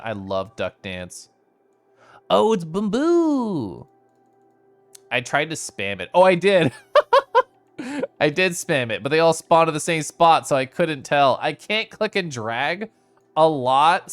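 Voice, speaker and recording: A streamer giving casual live-stream commentary while playing a game, bubbly and giggly with playful squeals. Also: mid-range voice.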